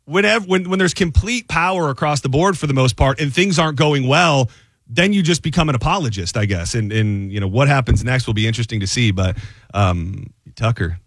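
A man's voice: medium pitch, fairly quick, fairly bright tone, dry recording. A man hosting a radio talk show, chatting loosely with many fillers and restarts.

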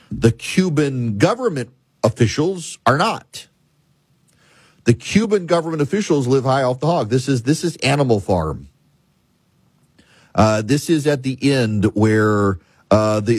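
A man's voice: fairly low pitch, a little mellow, breathy edge, dry recording. A man delivering an emphatic political monologue as a commentator host, repeating and listing points with frequent restarts.

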